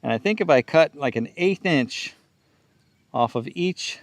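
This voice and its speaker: Man calmly explaining a DIY job. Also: a little high, measured pace. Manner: explains each step plainly while working, thinking aloud. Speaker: DIY channel host. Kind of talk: casual how-to narration.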